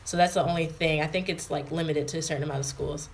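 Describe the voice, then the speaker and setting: A woman's voice: low voice, steady tone, fast, a little hiss or hum. A young American woman in her twenties chatting casually on a livestream from her home, reading and answering viewer comments with lots of fillers. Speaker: vlogger. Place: her home in England, indoors.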